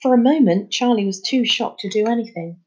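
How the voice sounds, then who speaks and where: A woman reading a children's chapter book aloud in a clear, measured storytelling manner. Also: fairly high pitch, darkish tone. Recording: muffled lo-fi recording.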